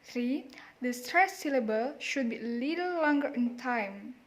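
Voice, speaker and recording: A woman with an Indonesian accent presents a pronunciation lesson in a high voice. She walks through each point and repeats example words with careful emphasis. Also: expressive, unhurried. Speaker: student presenter.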